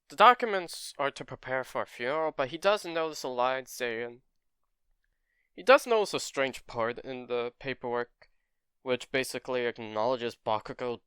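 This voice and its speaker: A man's voice: medium pitch, a bit bright, clean tone, dry recording, studio quality. A man casually narrating a fan story in a rambling way, correcting himself as he goes.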